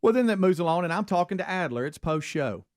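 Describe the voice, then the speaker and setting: A man's voice: high voice, quick pace, no room sound, studio quality. A middle-aged man from Alabama telling a long story on a radio show, acting out the voices of the people in it. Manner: animated storyteller, acts out quoted voices. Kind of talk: casual storytelling chat. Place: radio studio.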